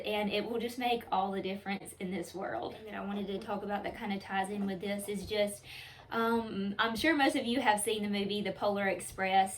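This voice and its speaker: A woman's voice: mid-range voice, recorded from a distance, rough recording. A woman vlogger, talking earnestly and with feeling to her viewers. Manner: earnest, emotional, says "y'all" often. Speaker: home decor vlogger. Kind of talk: casual heartfelt talk to camera.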